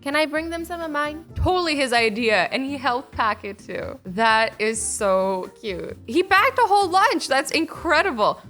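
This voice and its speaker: A woman's voice: sits high, sing-song, normal speed, hardly any pauses, a bit bright, faint music behind. A young woman hosting a casual reaction video, bubbly and giggly, saying "like" a lot. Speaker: YouTube reaction host.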